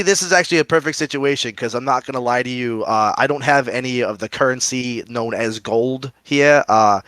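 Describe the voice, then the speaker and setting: A man playing a goofy modern American man lost in a fantasy world, excitable and joking. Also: medium pitch, clean tone, dry recording, natural voice.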